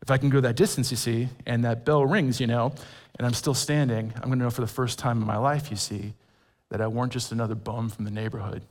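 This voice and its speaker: A man voicing a humble, determined working-class boxer with a South Philadelphia accent and a low, slurred drawl. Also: fairly even intonation, fast talker, natural voice. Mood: earnest. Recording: long reverb of a large hall.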